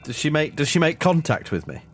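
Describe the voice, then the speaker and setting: A man's voice: on the high side, very animated, fairly quick, faint music behind. A man playing a haughty aristocratic lady. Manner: clipped, indignant, superior.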